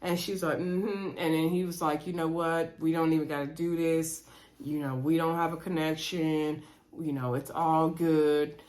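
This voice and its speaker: A woman recapping a reality dating show in a chatty, animated way, retelling scenes and talking to her viewers. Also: low-pitched, normal speed. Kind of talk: casual recap chat.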